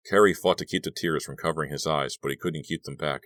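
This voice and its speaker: A man with a very deep, low voice narrates a novel at a steady, measured pace. The recording is close and dry, without any room sound.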